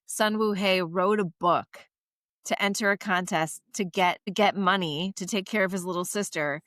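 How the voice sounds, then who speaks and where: A woman's voice: on the low side, fairly bright tone, no room sound, clean studio sound. A woman co-hosting a podcast, retelling a story and chatting emphatically about TV drama endings. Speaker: podcast co-host.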